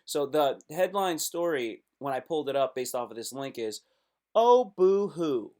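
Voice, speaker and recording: A man's voice: medium pitch, lively intonation, moderate pace. A man hosting a casual live stream, reacting aloud to web posts in a loose, slangy way.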